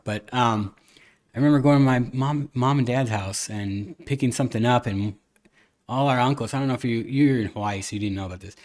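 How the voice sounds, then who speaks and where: A man hosting a podcast, chatting casually and retelling a family story, with lots of restarts, quoted dialogue and the odd cuss word. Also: on the low side. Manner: animated storyteller, many restarts, retells dialogue, occasional cussing. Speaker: podcast host. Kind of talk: casual chat.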